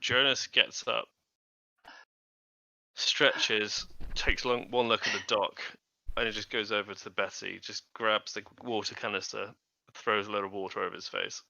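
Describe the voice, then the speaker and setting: A man's voice: on the low side, fairly even intonation, unhurried, creaky, sharp tone, no echo. A man playing a tabletop game, blunt and crude as he describes his character's actions. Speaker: player. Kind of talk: casual tabletop play. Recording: dull lo-fi recording.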